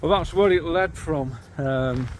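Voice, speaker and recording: A man's voice: on the high side, a little slow, darkish tone, slight background noise. Local St Helens man, middle-aged, cheerful casual guide filming a walk outdoors on a handheld camera. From St Helens, England. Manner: chatty, easygoing, cheerful about local sights. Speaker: vlogger guiding a railway walk. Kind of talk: casual walking-tour narration. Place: outdoors by canals and old railway line. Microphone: handheld camera while walking.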